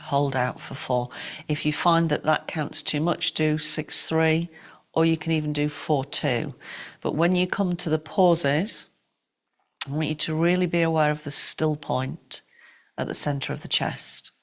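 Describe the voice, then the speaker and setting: Calm middle-aged woman guiding breathwork. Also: deep voice. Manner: calm, unhurried, gently directive cues. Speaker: yoga and breathwork teacher. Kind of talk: guided breathwork and yoga instruction.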